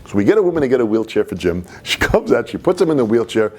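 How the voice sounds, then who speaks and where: Man, animated storyteller, laughing through a personal anecdote, mid pitch. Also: fast, faint music behind.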